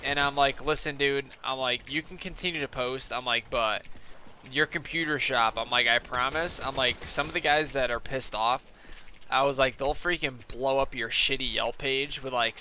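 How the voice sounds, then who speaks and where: A man's voice: mid-range voice, pushed and bright, a little hiss or hum. A man gaming on stream, telling a long rambling story in casual, profane talk and repeating "I'm like" between quoted lines. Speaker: gaming YouTuber.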